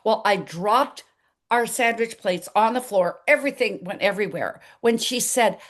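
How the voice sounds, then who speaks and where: An older woman as an interview guest, telling her story in an animated way and acting out the dialogue. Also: medium pitch, normal speed.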